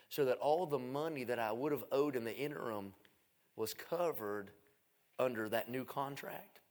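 A middle-aged man, an evangelist preaching a revival sermon in a folksy, self-mocking storytelling way, swinging from loud to hushed. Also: medium pitch, vocal fry.

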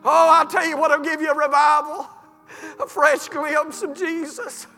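A man's voice: very high voice, fairly even intonation, unhurried, creaky. A man preaching an impassioned revival sermon in church, with cries of emotion. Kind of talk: revival sermon with altar call. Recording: reverberant hall with soft music.

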